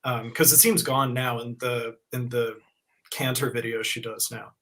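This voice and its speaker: Podcast co-host, male, relaxed and chatty, mid-range voice. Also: mid-range voice, normal speed, slight background noise. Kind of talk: casual chat.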